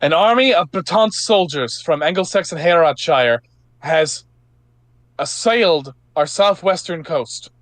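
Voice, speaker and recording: A man's voice: fairly high pitch, expressive, unhurried, no room sound, voice pushed up. A man voicing a young woman knight giving a rousing speech to a crowd. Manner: rousing speech, raised proclaiming voice. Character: young woman knight rallying the people, defiant.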